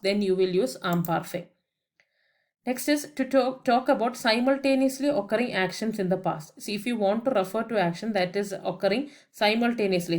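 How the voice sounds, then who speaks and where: Brief: a woman as patient language teacher, grammar voice-over, slow spelling of each word. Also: mid-range voice. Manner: methodical, spells words out letter by letter; explains each point with English translations. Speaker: French teacher.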